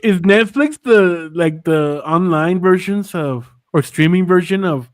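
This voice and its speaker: A man's voice: high-pitched, a little slow, no echo. A man co-hosting a casual chat, laid-back, laughing a lot and chiming in briefly. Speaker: co-host.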